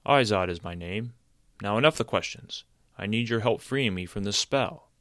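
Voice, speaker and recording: A man's voice: lowish voice, lively intonation, a little fast, sharp tone, dry recording, clean studio sound. A man voicing an old male wizard cursed into a tree stump, firm and insistent as he explains. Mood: commanding.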